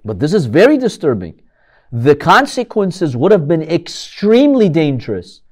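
A man's voice: on the high side, huge pitch swings, moderate pace. A man giving a religious history lecture, telling the story dramatically and asking rhetorical questions.

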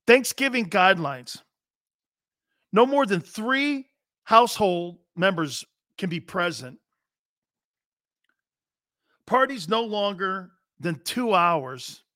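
A man hosting a live sports talk show, loud and brash, joking and hollering. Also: high-pitched, animated, slow, pauses often, no room sound, studio quality.

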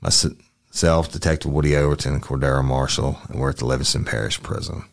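A man, a police detective who reads an interview transcript aloud in a matter-of-fact, deadpan way. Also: rumbling low, brisk, vocal fry.

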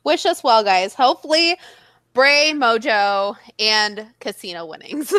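Bright, lively woman co-host. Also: a little slow, no room sound. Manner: playful, laughs often, mimics others in high voices. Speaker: podcast co-host. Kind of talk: casual chat.

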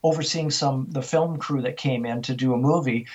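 A man's voice: mid-range voice, moderate pace, a little mellow, lo-fi sound. An older man, a guest on an interview show, telling vivid stories and acting out the dialogue. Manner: vivid storyteller who acts out dialogue. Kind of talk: storytelling interview.

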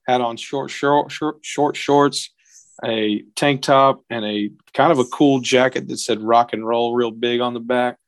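A young male podcast guest tells a story in relaxed conversation, his mid-range voice recorded close and dry with no echo. When quoting people, he shifts into a higher, more animated voice. His tone stays steady and his pace is a touch slow.

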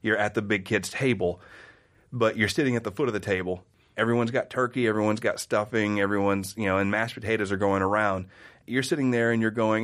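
With a fairly low pitch and a brisk pace, a man from the American Midwest spins animated stories as a guest in casual conversation. He acts out each quoted voice.

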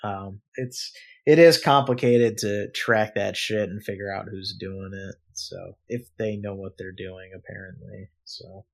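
A young man co-hosting a casual podcast, telling a story and acting out both sides with sudden loud outbursts and lots of swearing. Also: on the low side, steady tone, measured pace, gravelly. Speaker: podcast co-host. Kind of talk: casual chat.

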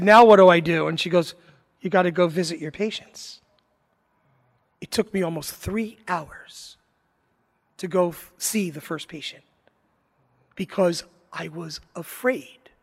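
A man preaching a sermon, telling a joke and a personal story with dramatic pauses and swells. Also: high voice, breathy edge, in a large hall. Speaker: priest. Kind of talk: sermon with told anecdotes.

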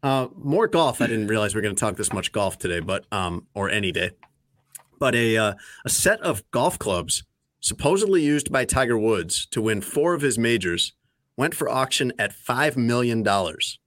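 A man's voice: mid-range voice, expressive, normal speed, fairly bright tone, dry recording. A man in his thirties or forties hosting a sports talk show, recapping news in a conversational, dry way. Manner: conversational, dry, lots of fillers. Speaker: sports radio host.

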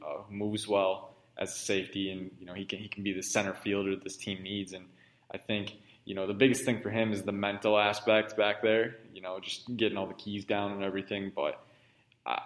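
A man's voice: deep voice, fairly bright tone. A man hosting a casual sports podcast, talking in a rambling way with many restarts and fillers. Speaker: podcast host. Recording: echoey room.

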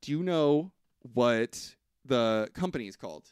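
A man's voice: mid-range voice, lively intonation, a little slow, smooth, dry recording, studio quality. A man casually recapping a film's plot for a co-host, acting out the characters' lines and swearing freely. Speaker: podcast co-host. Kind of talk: casual chat retelling a movie plot.

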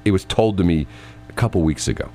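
Deep-voiced male co-host, animated talker, big pitch swings. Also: fast, a little hiss or hum. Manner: animated, laughing, voice jumps high when incredulous. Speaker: talk show co-host. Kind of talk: casual banter.

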